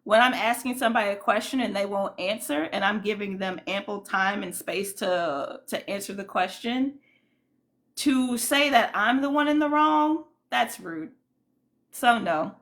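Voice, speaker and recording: Woman streamer with a gravelly fry. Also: medium pitch, a little slow, fairly bright tone. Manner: indignant, rambling commentary with many fillers. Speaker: livestream host. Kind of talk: casual livestream chat with viewers.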